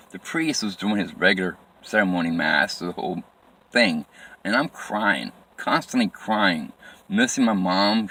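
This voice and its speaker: Deep-voiced man recounting his past. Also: a bit bright. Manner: halting, plain, repetitive phrasing with restarts. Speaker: storyteller. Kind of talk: personal storytelling to camera.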